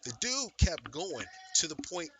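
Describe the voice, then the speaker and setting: A male streamer telling a story in a casual, animated and profane way, with lots of emphasis. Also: a little high, measured pace, slight background noise, low-quality recording.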